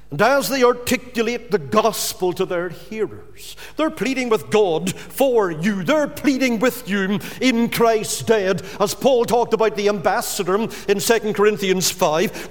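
A man's voice: high voice, in a large hall. A man preaching a sermon as pastor, earnest and pleading with his hearers.

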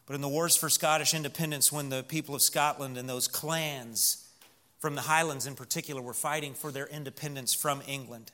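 A man with a Southern US accent preaching a sermon, earnest, moving from loud emphasis to hushed storytelling. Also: mid-range voice. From Missouri.

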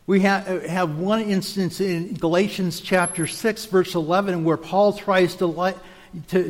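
A man with a high voice gives a measured teaching sermon, explaining step by step and sometimes restarting a word. His voice rings with a long reverb, as if in a large hall. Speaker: preacher.

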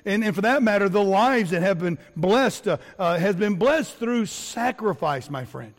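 Middle-aged male pastor, high voice, earnest and repetitive sermon delivery in a church with long echo. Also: animated, normal speed. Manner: earnest preaching with repetitions and fillers. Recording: long hall reverb.

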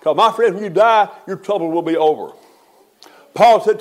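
Older preacher, high voice. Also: male voice, normal speed. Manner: folksy preaching, swells to emphatic peaks. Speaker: pastor. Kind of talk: funeral sermon.

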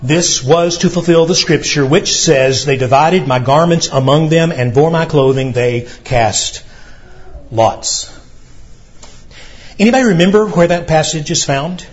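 A man's voice: fairly high pitch, lo-fi sound. A man preaching a sermon as pastor, earnestly explaining and reading scripture aloud to his congregation.

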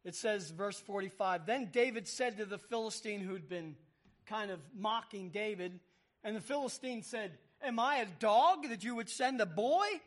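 A man's voice: high-pitched, expressive, moderate pace. A man preaching a sermon, reading scripture aloud and acting out the voices with emphasis.

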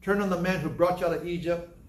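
A man's voice: high voice, fairly even intonation, quick pace, slight background noise. Conversational male preacher in an echoey room. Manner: conversational, acts out scenes in different voices. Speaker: pastor. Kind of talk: sermon.

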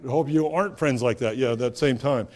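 Speaking at medium pitch with a brisk pace and a darkish tone, a pastor gives a sermon that feels conversational. He throws out rhetorical questions and swells into emphatic peaks.

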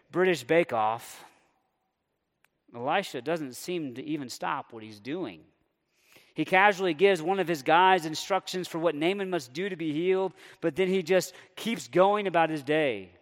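A man preaching a sermon, animated and conversational, sometimes voicing a character's indignant thoughts. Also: on the high side. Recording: long hall reverb.

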